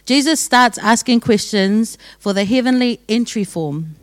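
A woman's voice: a little high, expressive, a little slow, hardly any pauses, dry recording. Casual young woman giving church testimony. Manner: casual, joking, laughs often. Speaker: church speaker sharing testimony. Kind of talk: sermon testimony.

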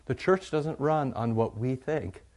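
A middle-aged male pastor gives a conversational sermon laced with jokes, shifting from quiet asides to loud, animated bursts. He speaks in a medium pitch at a measured pace.

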